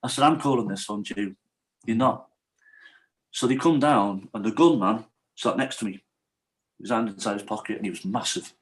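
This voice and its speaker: A man's voice: fairly low pitch, moderate pace, pauses often, low-quality recording. A man, a podcast guest, telling a true story in a casual interview and acting out the quoted dialogue.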